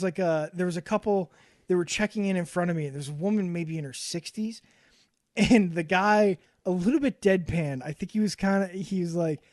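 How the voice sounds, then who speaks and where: A man in his thirties co-hosting a casual podcast, telling stories in an animated way, swearing a lot and laughing often. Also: high voice, dry recording, studio quality. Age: 30s. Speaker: podcast co-host. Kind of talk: casual boozy podcast chat.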